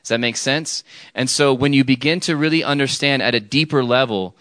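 A man's voice: mid-range voice, fairly quick, a bit bright, dry recording. A man preaching an informal sermon, talking with the audience, checking in with "okay?" often and restarting his sentences. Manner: chatty, frequent "okay?" and restarts, jokes with audience.

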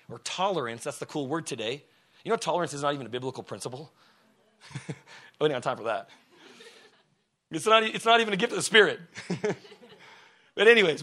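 A male preacher giving a passionate, casual sermon that swings from quiet explanation to shouting. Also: on the high side. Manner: casual, conversational phrasing.

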